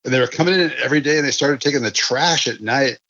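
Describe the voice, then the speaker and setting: A man's voice: medium pitch, fast talker, sharp tone, no echo, muffled recording. A man from California telling a long casual story as a podcast guest, rambling with many restarts and fillers.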